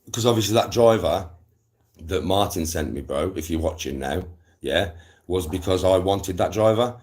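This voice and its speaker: A young man with a lowish voice rants to his live-stream viewers. He is animated and slangy, swearing freely as he chats. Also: normal speed. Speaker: livestreamer.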